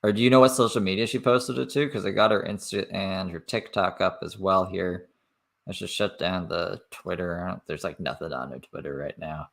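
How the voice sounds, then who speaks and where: A man's voice: sits low, brisk, gravelly, a bit bright. A man from Canada giving casual reaction commentary, swearing and laughing between remarks. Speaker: reaction streamer.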